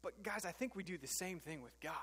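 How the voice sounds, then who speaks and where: A man's voice: high-pitched, animated, fast talker, fairly bright tone, breathy edge, in a large hall. A man preaching a sermon as pastor, earnest and conversational, with frequent fillers and restarts.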